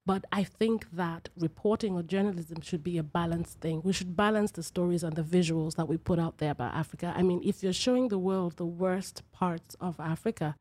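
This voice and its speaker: A woman's voice: fairly low pitch, a little mellow, no room sound. A woman from Nigeria hosting a personal podcast, talking emphatically and repeating phrases for effect. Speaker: podcast host.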